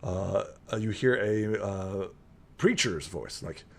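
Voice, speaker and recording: A man's voice: fairly low pitch, takes it slowly, gravelly. A man narrating as game master in a tabletop game, rambling with many fillers.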